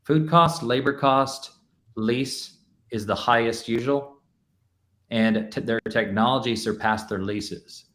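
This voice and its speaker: A man's voice: medium pitch, slow, a bit bright. A man speaking on an industry panel in a conversational way, peppered with filler words. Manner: conversational, frequent "you know" fillers. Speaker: panelist, restaurant tech executive. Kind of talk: panel discussion.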